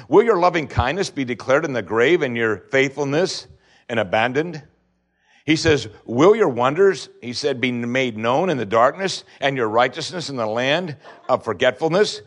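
A man preaches a sermon, reading from scripture. He moves back and forth between loud, pleading questions and low, hushed lines.

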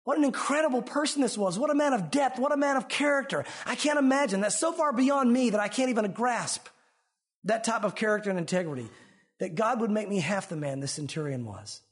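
A male pastor preaching a sermon in an animated way, swinging between emphatic and hushed delivery. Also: sits high, a little fast, breathy edge.

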